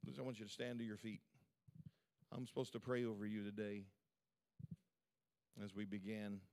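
A man's voice: fairly low pitch, level tone, moderate pace, a little mellow, clean tone. A male pastor preaching a sermon at a church service in a fervent, conversational way, with lots of repetition.

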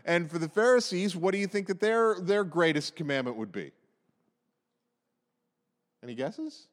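Conversational preacher in a reverberant hall. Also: male voice, high-pitched, normal speed. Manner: conversational, animated storytelling with asides. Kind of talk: sermon.

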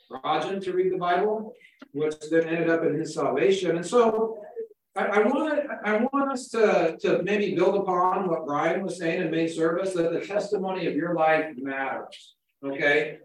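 High-voiced pastor preaching in an echoey hall. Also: male voice, far from the mic. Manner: casual, repeats words as he goes. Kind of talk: conversational sermon.

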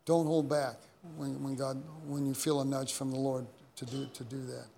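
A man's voice: medium pitch, flat delivery, moderate pace, creaky, dark tone, slight background noise. A man preaching a sermon as pastor, telling stories in a rambling way with many repeated words and restarts. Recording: long hall reverb.

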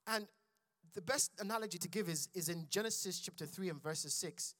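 A man's voice: high voice, fairly quick, fairly bright tone, no echo, studio quality. A man preaching a sermon in church, building intensity and calling out to his congregation. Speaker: pastor.

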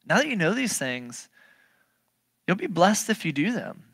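A preacher giving a sermon, animated and emphatic, firing off rhetorical questions and swinging between loud bursts and low, quiet passages. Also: unhurried, long pauses, no room sound.

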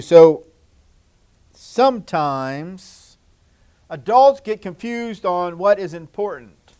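A man preaching a children's sermon in church, gentle and repetitive, swinging from loud to hushed. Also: on the high side, lively intonation, takes it slowly, smooth. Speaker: pastor.

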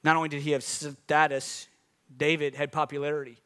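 A man's voice: a little high, flat delivery, brisk, a bit bright, smooth. A man preaching a sermon, exhorting his listeners with repeated phrases and calls to the audience. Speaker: pastor.

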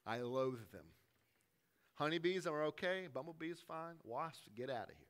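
Pastor in his thirties, bright forceful voice, emphatic yet chatty sermon delivery, loud then hushed. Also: a little high, expressive, a little slow. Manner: conversational, emphatic preaching, swinging between forceful and hushed.

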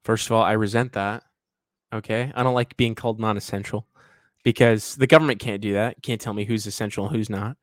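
A man's voice: lowish voice, fairly even intonation, brisk, dry recording. A man co-hosting a podcast in casual chat, teasing with dry, wry asides. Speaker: podcast co-host.

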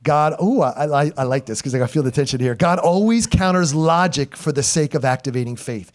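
Brief: middle-aged male pastor, high voice, animated sermon with call-and-response, dynamic swings from loud to quiet. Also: fairly quick. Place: church sanctuary before a congregation.

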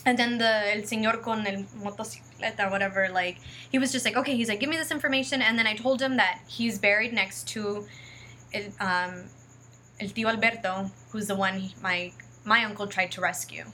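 A woman's voice: medium pitch, fairly even intonation, brisk, pushed and bright, slight background noise. A woman telling a personal story in a casual, rambling way, full of fillers and acted-out quotes, and close to tears.

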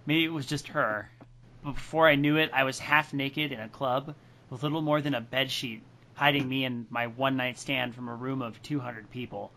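A man with a medium-pitched, bright, forceful voice co-hosts a podcast. He reads a story passage and jokes loudly with emphasis. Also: steady tone, moderate pace. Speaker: podcast co-host.

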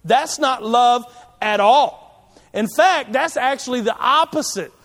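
A man's voice: very high voice, takes it slowly, fairly bright tone. A man preaching a sermon as pastor, talking in a conversational, emphatic way with many asides. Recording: long reverb of a large hall.

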